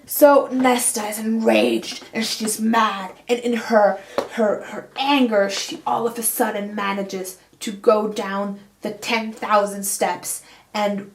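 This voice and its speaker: A woman's voice: mid-range voice, fairly even intonation, slow, a little hiss or hum. A woman giving a casual, humorous book recap with sarcastic, playful asides. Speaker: book vlogger. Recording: echoey room.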